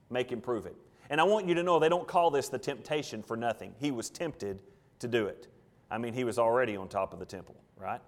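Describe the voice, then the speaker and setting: A man pastor preaching a sermon, emphatic and full of rhetorical questions. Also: on the high side.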